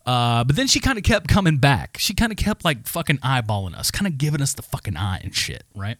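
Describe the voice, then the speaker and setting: A man co-hosting a podcast, telling a story in a casual, animated, heavily profane rant. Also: mid-range voice, fairly quick, no room sound, clean studio sound. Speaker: podcast co-host.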